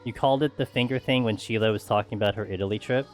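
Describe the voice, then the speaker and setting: A man's voice: lowish voice, quick pace, soft background music. A man streaming a game, chatting casually with friends in a loose, rambling way and laughing often. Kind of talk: casual chat while gaming.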